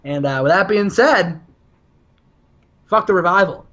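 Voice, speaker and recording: High, bright-voiced man telling stories. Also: unhurried, highs cut off. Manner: animated, laughs often. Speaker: podcast co-host. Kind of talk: casual storytelling chat.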